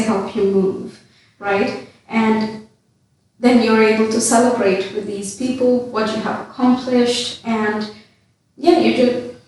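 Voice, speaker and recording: A woman giving a tarot card reading in a calm, unhurried way, with gentle fillers. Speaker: tarot reader. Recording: very echoey room, mic at a distance, faint rumble.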